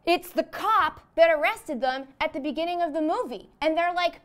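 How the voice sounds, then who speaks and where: A woman's voice: high-pitched, moderate pace, hardly any pauses, a bit bright. Chatty young woman riffing a joke. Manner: rambling, peppered with "like". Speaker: comedy show host. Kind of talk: comedic monologue.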